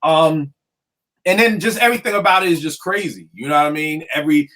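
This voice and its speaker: Animated slangy man, bit high. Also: fairly quick. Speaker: podcast host; hip hop producer. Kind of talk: casual chat.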